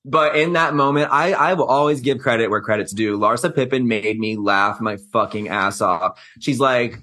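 A man with a mid-range voice co-hosts a podcast, talking at a normal speed with hardly any pauses in a pushed, bright tone. He chats casually about reality TV, recapping it and tossing in snarky, profane asides.

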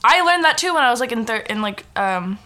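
A woman's voice: on the high side, lively intonation, brisk, pushed and bright, slight background noise. A woman hosting a casual podcast, teasing her co-host and reading fan fiction aloud with sarcastic asides on her own close microphone. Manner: teasing and sarcastic, mocks the text while reading.

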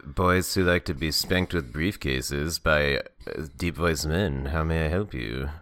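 A man voicing a deep-voiced male phone-line operator in a deadpan, mock-formal manner, with a tired morning voice. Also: unhurried, full character voice.

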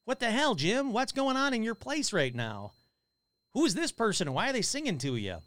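A man hosting a live paranormal podcast, chatting casually and excitably as he reads out viewer comments, swearing now and then. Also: high-pitched, normal speed, no room sound.

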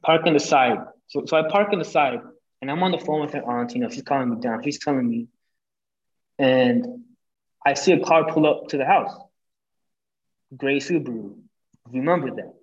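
A young man, a podcast guest, telling a breakup story in casual chat, animated and full of swearing, acting out what people said. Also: mid-range voice, normal speed, long pauses, lo-fi sound. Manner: animated, profane, acts out quoted lines.

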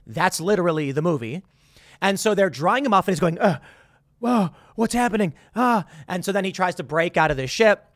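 Sarcastic guy ranting about a movie, high voice that jumps all over, dry close mic. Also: a little fast, dry recording. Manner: sarcastic, incredulous, animated, with restarts. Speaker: commentator. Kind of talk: opinionated movie commentary.

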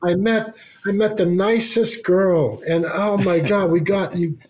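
A man imitating his wife as she gushes excitedly about a new friend she met. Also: high-pitched, measured pace, voice pushed up. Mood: gushing. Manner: gushing, breathless excitement. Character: excited wife gushing after a night out.

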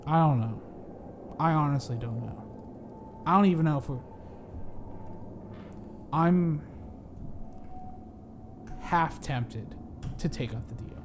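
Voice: mid-range voice, takes it slowly, long pauses, a little hiss or hum. A player speaking in character, brooding and hesitant. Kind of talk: in-character roleplay.

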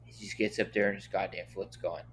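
A young man, a podcast guest, chatting casually and animatedly, cursing a lot and getting loud when worked up. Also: deep voice, steady tone, a little fast, a little hiss or hum. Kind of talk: casual chat.

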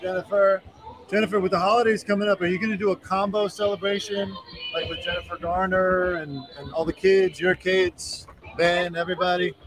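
A man playing a pushy paparazzo calling out questions to a star, in a deliberately annoying, eager voice, filmed outdoors on a shopping street. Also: high-pitched, steady tone, voice pushed up. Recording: noisy phone video on a street.

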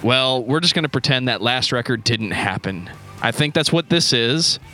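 A man's voice: medium pitch, expressive, moderate pace, bright, forceful tone, faint music behind. A man hosting a casual podcast, talking in a dry, joking way.

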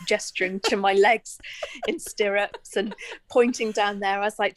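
This Bristol woman, a guest sharing a story, speaks at a normal pace with frequent pauses, laughing often as she chats through a personal anecdote. Her voice is medium in pitch, with no room sound in the recording.

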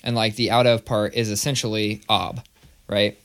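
A man's voice: fairly low pitch, moderate pace. Profane, ranting male podcast host. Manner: profane, animated ranting storyteller. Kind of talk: casual chat. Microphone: studio microphone.

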